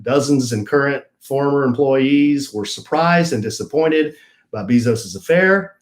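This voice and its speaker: A man's voice: mid-range voice, measured pace, echoey room. A man co-hosting a casual podcast, reading a news article aloud and bantering with his co-host. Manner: reads the article then banters, teasing.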